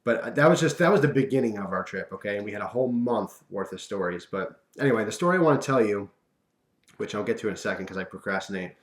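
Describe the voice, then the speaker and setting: A man's voice: on the low side, animated, quick pace, reverberant. A young man telling a funny personal story in a casual, rambling way, with lots of fillers and asides.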